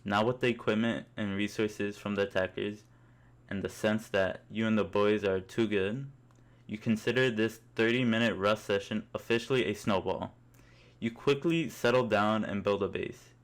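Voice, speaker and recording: A man's voice: fairly low pitch, fairly even intonation, normal speed. A young man narrating a comic story in the second person, in an amused, mock-epic way.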